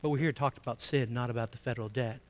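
A man preaching a sermon as a pastor, emphatic, repeating key phrases and swinging between soft asides and loud stresses. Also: mid-range voice, fairly even intonation, very fast.

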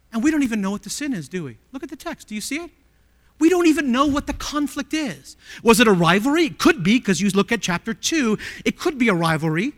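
A male pastor preaching a sermon emphatically, with many rhetorical questions, swinging from loud appeals to hushed tones. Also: high voice, long reverb tail.

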